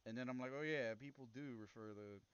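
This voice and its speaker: A man's voice: mid-range voice, quick pace, fairly bright tone, muffled recording, a little hiss or hum. A man casually commenting while he plays a strategy game, crude and rambling, now and then reading the game's text aloud. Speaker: gameplay streamer.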